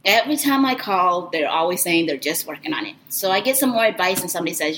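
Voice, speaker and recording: A woman telling a personal story in an animated, expressive, conversational way. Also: lowish voice, brisk, a little hiss or hum, low-quality recording.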